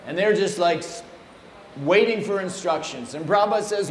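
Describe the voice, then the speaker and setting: A man gives an animated, playful storytelling talk at a temple. His voice sits slightly high for a man. The room is echoey, and a faint hiss runs underneath. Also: normal speed. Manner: animated, playful anecdotes with acted quotes. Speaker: speaker at a temple.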